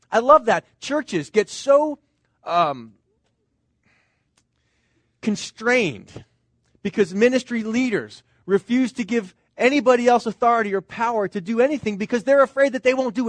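A man's voice: very high voice, expressive, a little slow, pauses often, no room sound. A middle-aged man, a pastor, preaching a sermon in an earnest, conversational way, full of rhetorical questions to the congregation.

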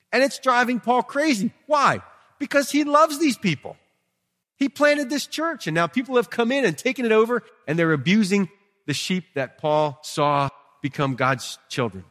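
Man, pastor, sermon, slightly high voice, conversational with emphatic peaks, reverberant sanctuary. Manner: conversational, swings from quiet asides to emphatic peaks. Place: church sanctuary. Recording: long reverb of a hall.

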